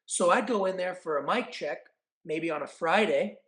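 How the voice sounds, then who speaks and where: A man in his forties from California, a guest telling stories in casual chat, acting out quotes with animated energy. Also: high-pitched, moderate pace, poor audio. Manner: animated, acts out quotes and announcer calls. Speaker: podcast guest, actor and event announcer. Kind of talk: casual storytelling.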